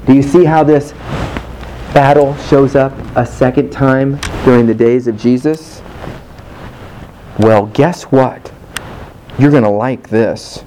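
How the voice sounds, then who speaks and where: Man preaching, fervent, mid pitch, faint hiss behind, sinks low for quotes. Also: fairly even intonation, slow, long pauses, dark tone, poor audio. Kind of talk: impassioned preaching.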